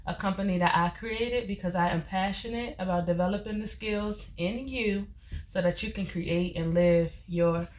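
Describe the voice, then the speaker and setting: A woman's voice: mid-range voice, normal speed, slight background noise. A woman, chatting casually on a livestream and addressing viewers as y'all, a little out of breath. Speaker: life coach and company founder.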